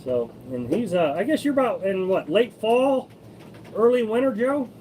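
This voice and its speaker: A man's voice: high-pitched, very animated, moderate pace, warm tone, slight background noise, poor audio. A man from Missouri hosting a casual live stream about RV life, answering viewer comments in a rambling, opinionated way with many restarts. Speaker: host of a live-streamed RV living channel.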